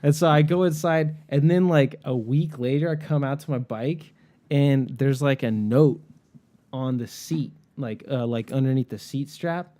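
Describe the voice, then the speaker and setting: A man telling a story in casual chat, animated and profane, acting out the people he met. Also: mid-range voice, measured pace. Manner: animated, swearing, acts out the people in his stories.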